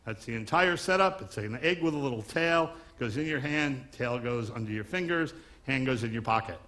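A man's voice: medium pitch, lively intonation, moderate pace, sharp tone. A man from Long Island doing a stand-up comedy magic act, wisecracking patter on stage before a live audience. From Long Island, New York.

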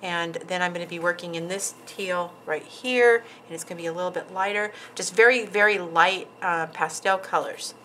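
Bright-voiced chatty woman nail artist. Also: lowish voice, moderate pace, hardly any pauses, slight background noise, low-quality recording. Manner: chatty, with frequent ums and trailing asides. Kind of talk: casual tutorial narration. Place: nail salon.

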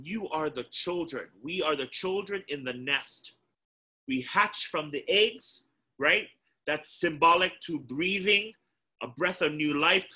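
Animated bright-voiced man telling a story. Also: on the high side. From Hawaii. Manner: animated storyteller, acts out his younger self. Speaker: guest speaker. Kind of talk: motivational talk to children.

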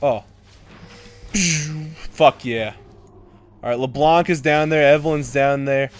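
A young man commentating his own gameplay, excitable, swearing and shouting at teammates. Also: fairly high pitch, takes it slowly.

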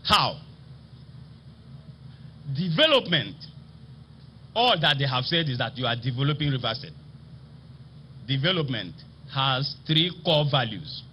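A man with a Nigerian accent, a state assembly speaker, delivering a formal ceremonial speech in a slow, emphatic, oratorical manner. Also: mid-range voice, big pitch swings, slight background noise. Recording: slightly dull broadcast audio with faint ambience.

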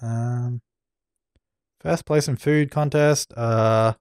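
A man's voice: medium pitch, steady tone, drawn-out words, a little mellow, clean tone, dry recording, clean studio sound. A young man doing let's play commentary, bossy and exasperated as he scolds the characters on screen. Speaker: gaming channel host.

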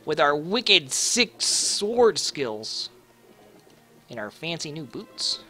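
A man's voice: fairly high pitch, sing-song, extremely slow, pushed and bright, faint music behind. A man casually commenting on his own gameplay, sarcastic and crude. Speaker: gaming video host.

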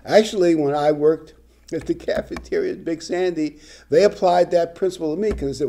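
A man's voice: a little high, fairly quick, creaky, mellow. An older man preaching a sermon, reading scripture and adding conversational, humorous asides. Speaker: pastor.

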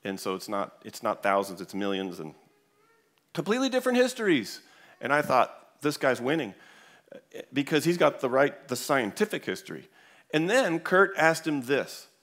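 A man's voice: mid-range voice, big pitch swings, normal speed, fairly bright tone. A man speaking at a church event, telling an anecdote to an audience with many fillers and restarts. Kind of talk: storytelling talk to an audience.

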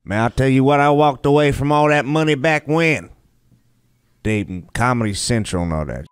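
A man's voice: mid-range voice, animated, normal speed, smooth, no echo, studio quality, lightly acted. A man playing a boastful fellow in a comedy sketch, with an audience laughing. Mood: bragging.

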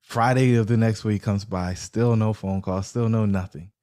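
A man being interviewed as a guest, telling a long story with lively pitch swings and acted-out quotes. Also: moderate pace. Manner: animated storyteller acting out quoted voices. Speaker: guest, real estate investor.

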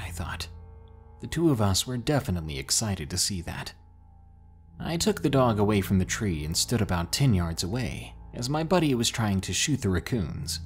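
A man narrating scary stories in a dramatic, drawn-out way, pausing for suspense. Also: lowish voice. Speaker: horror story narrator. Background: faint music.

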